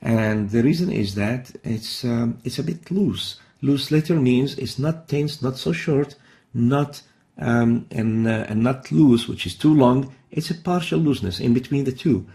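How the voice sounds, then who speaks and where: Here a man gives a recorded lesson on reciting the Quran, patiently walking through each sound and demonstrating it slowly and carefully. His voice sits in the middle range, creaky yet mellow.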